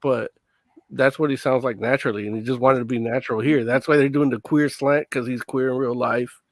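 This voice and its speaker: A man's voice: mid-range voice, fairly even intonation, fairly quick, dry recording. A man on a casual panel show who explains things matter-of-factly, tagging his lines with "you know".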